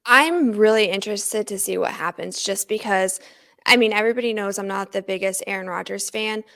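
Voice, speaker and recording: Young female podcast co-host, slight lisp, eager, middle pitch. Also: a little fast, creaky. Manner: excitable, laughs easily. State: slight lisp from a sore, burned tongue. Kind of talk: casual sports talk.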